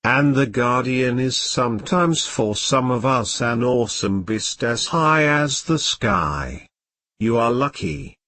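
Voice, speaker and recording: A man's voice: medium pitch, no echo. A synthetic male voice reading an amused old sorcerer. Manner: slow, even synthetic reading. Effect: computer-generated voice.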